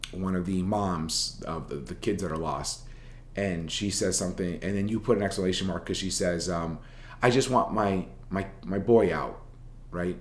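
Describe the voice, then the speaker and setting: A man's voice: low-pitched, a little mellow, roomy sound. A man teaching a journalism writing class in a recorded lecture, talking casually and rambling, with many fillers and restarts.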